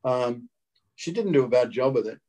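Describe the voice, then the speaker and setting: In an interview, an older Australian guest actor tells stories in a lively way, doing impressions of the people involved. He speaks at a normal speed with a medium-pitched voice.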